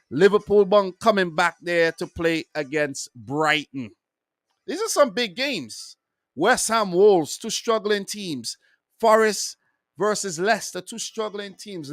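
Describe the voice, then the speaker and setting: A man hosting his own football review channel, talking casually and loosely, full of asides and shout-outs to viewers. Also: sits high, no echo, clean studio sound. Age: adult with wife and three kids.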